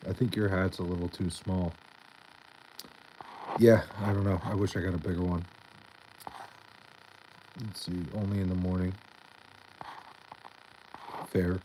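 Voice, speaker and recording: A young man casually reading out and answering chat on a live stream, laid-back and profane with a deadpan tone. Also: deep voice, measured pace, long pauses, slight background noise, low-quality recording.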